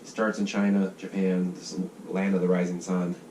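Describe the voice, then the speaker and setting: Deep-voiced rambling American man. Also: level tone, moderate pace, a little mellow. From United States. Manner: rambling, swearing, acts out voices of groups. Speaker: vlogger sketching ideas. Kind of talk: casual rambling monologue. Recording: distant mic with faint noise.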